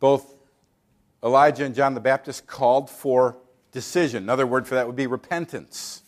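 A man's voice: medium pitch, fairly even intonation, moderate pace. A man preaching a sermon, emphatic, asking the congregation rhetorical questions and mocking attitudes in quoted voices.

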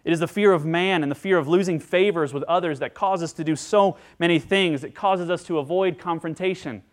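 A man preaching a sermon as pastor, earnest and dynamic, moving between emphatic lines and hushed ones. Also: a little high, fairly quick.

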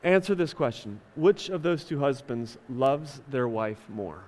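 A man's voice: medium pitch, animated, a little slow, darkish tone. A man preaching a sermon as a pastor, emphatic and dramatic, speaking God's words aloud. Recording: long hall reverb.

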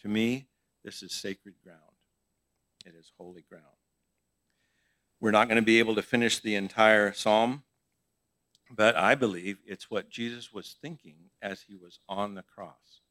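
A man's voice: fairly low pitch, steady tone, measured pace, long pauses, bright, forceful tone, dry recording. A middle-aged male pastor giving a conversational sermon in church, asking his congregation questions as he teaches.

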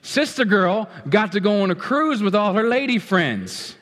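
A man preaching a sermon as pastor, animated and playful, swinging between loud outbursts and hushed asides. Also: sits high, a little slow. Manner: playful, acts out what people feel.

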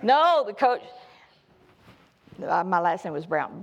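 A woman's voice: on the low side, very animated, slow pace. A middle-aged woman preaching a sermon, telling folksy, humorous personal stories.

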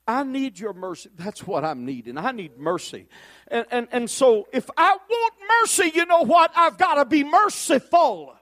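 A man preaching a fiery sermon, building to shouts and then dropping to quiet asides. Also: sits high.

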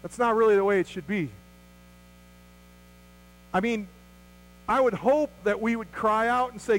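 A man's voice: high voice, measured pace, long pauses, rough recording. A man preaching an Easter sermon as pastor, earnest, with rhetorical questions and acted-out quotes.

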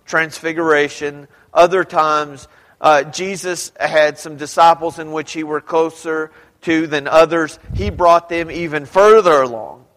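A man's voice: on the high side, fairly even intonation, a little slow, a bit bright. A man preaching a sermon, reading scripture aloud and asking his congregation questions as he explains it. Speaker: pastor. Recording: long hall reverb.

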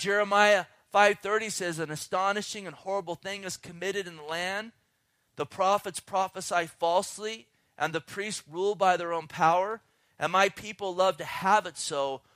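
Male preacher, slightly high voice, fervent sermon delivery with hushed dips. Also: no room sound, clean studio sound. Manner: fervent preaching, swings between loud and hushed, slows to read scripture. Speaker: pastor. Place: outdoors.

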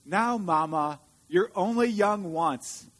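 A man voicing a father bear, soft on his cubs but blustering when angry, while reading a storybook aloud. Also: high voice, slow pace, full character voice. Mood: easygoing.

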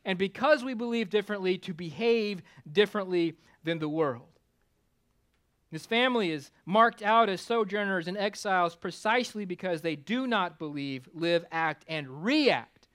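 A male pastor preaching a conversational sermon with self-deprecating humor, climbing louder for emphasis and dropping low for asides. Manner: rises in pitch and volume for emphasis, drops low for asides.

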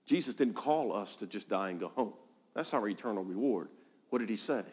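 A man's voice: lowish voice, lively intonation, brisk, a little mellow. A male pastor preaching a sermon, asking rhetorical questions and repeating words for emphasis. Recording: long hall reverb.

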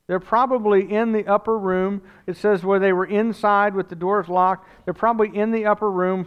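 A man preaching a sermon as pastor, telling the story in a conversational, animated way with casual asides. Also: sits high, clean tone, highs cut off.

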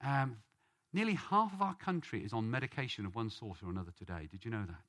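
A man's voice: medium pitch, expressive, quick pace, sharp tone. A man from Britain giving an earnest sermon-style Bible teaching and leading a study group. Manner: earnest, rising on questions and names.

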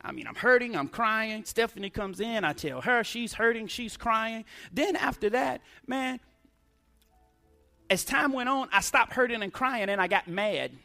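High-voiced preacher giving emphatic testimony. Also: male voice, unhurried, vocal fry, sharp tone, soft background music. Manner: emphatic, call-and-response preaching. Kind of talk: sermon testimony.

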